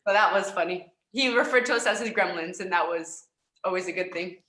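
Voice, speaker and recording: A woman's voice: fairly low pitch, fairly quick, sharp tone, reverberant. A young Canadian woman, a volleyball player, chatting in an upbeat, giggly way in an interview. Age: young adult. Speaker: guest, professional volleyball player. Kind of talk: casual interview chat.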